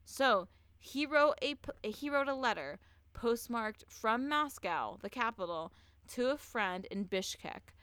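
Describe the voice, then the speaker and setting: A woman hosting a podcast, telling a true-crime story in casual chat, animated and swearing freely as she acts out what people said. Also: a little high, a little slow, smooth, no echo. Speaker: podcast host.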